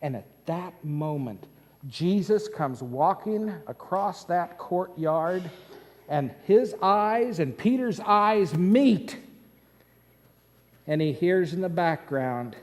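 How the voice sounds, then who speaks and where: A male pastor, preaching a sermon as dramatic storytelling that swings between loud and hushed. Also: sits high, expressive, takes it slowly, in a large hall. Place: church sanctuary.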